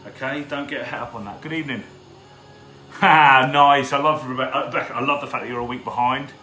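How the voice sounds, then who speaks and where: A man's voice: medium pitch, fairly even intonation, a little fast, sharp tone, faint music behind. A man hosts a live cook-along from his home kitchen, chatting casually and greeting viewers by name as he cooks. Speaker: cooking show host. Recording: echoey kitchen with frying sizzle.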